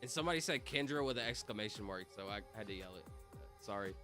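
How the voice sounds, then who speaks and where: A man's voice: fairly low pitch, lively intonation, fast, music in the background. A young man streaming from home, chatting casually and rambling with lots of "like" and "bro". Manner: rambling, filler-heavy, says "like" and "bro" constantly. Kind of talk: casual livestream chat.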